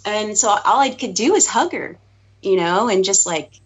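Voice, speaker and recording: A woman chatting casually as a podcast guest co-host, talking quickly with lots of fillers and giggles. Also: medium pitch, expressive, slightly rough. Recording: dull lo-fi podcast audio.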